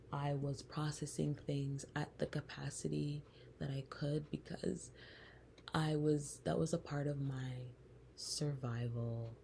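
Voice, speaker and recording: A woman hosting a podcast, telling a personal story in a soft, slow, reflective way that often turns breathy. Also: extremely low pitch, slight background noise. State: close to tears. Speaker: podcast host.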